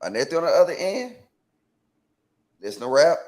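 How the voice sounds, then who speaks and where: A man from Atlanta co-hosts a call-in talk show and argues his point in a lively way. He keeps pressing with rhetorical questions and often stammers and restarts his sentences. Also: fairly high pitch, moderate pace. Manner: animated, asks pointed questions, repeats "right?". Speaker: co-host.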